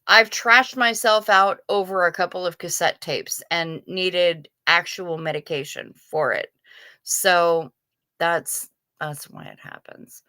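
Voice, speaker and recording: Slow-talking wry woman streamer. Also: medium pitch, sharp tone, no room sound. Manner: chatty, wry, self-deprecating. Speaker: livestream host. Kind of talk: casual livestream chat reading chat.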